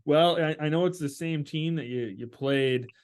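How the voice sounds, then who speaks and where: A man's voice: on the high side, moderate pace. A man hosting a podcast, asking questions in a friendly, conversational way with fillers. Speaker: podcast host. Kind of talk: casual interview chat.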